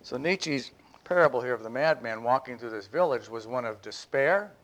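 A man's voice: lively intonation, moderate pace, a bit bright. A man preaching an earnest, emphatic sermon and reading a text aloud to his congregation. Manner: earnest, emphatic, rises in pitch when reading. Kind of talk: sermon with read-aloud passage.

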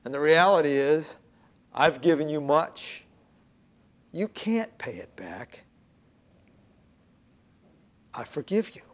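A man voicing a stern but compassionate male creditor in a spoken parable, talking low and halting. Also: lively intonation. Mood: gentle.

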